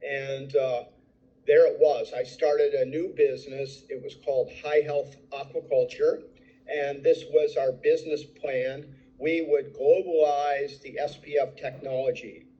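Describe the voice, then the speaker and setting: A man's voice: mid-range voice, fairly even intonation, a little slow, mellow, highs cut off. An older man presenting his entrepreneur story, telling it eagerly and acting out the dialogue he quotes. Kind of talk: recorded slide presentation.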